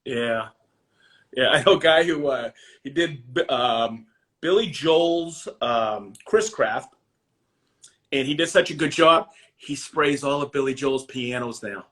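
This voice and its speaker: A man with a Maine accent, guesting on a podcast, speaks slowly in a mid-range, slightly bright voice. He's chatty and casual, laughing easily and interrupting himself to correct what he says.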